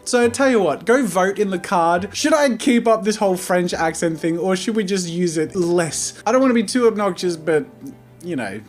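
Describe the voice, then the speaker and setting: A man hosting an online art channel and talking to viewers in an upbeat, chatty way. His voice sits fairly high, and he laughs easily between sentences. Quiet music plays faintly behind him. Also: lively intonation, normal speed. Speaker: YouTube art channel host. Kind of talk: casual video outro.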